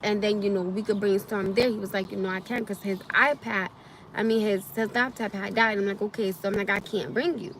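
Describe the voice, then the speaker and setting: A woman's voice: mid-range voice, fairly even intonation, brisk, slight background noise. A young woman, venting angrily and repetitively on a live stream from her parked car. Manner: angry, repetitive ranting. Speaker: livestreamer.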